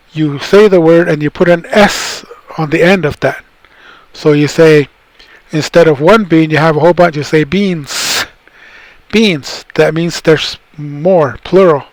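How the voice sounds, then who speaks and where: A middle-aged man from the Tohono O'odham Nation explains words in a recorded cultural talk. His voice sits a little high for a man and sounds close and dry, with no room around it. He rambles easily, repeating himself and restarting his sentences. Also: moderate pace, no room sound, low-quality recording. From Tohono O'odham Nation, southern Arizona. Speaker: cultural presenter.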